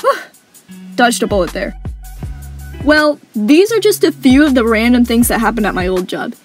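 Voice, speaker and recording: A woman's voice: on the high side, expressive, normal speed, soft background music. A young woman narrating funny work stories with wry, sarcastic humor. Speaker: animation storyteller. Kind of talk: story-time narration.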